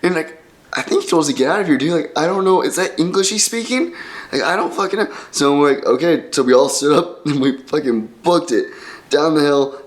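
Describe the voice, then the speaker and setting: A man's voice: fairly high pitch, fairly quick. A young man telling a funny personal story in a casual style. He laughs often and swears freely.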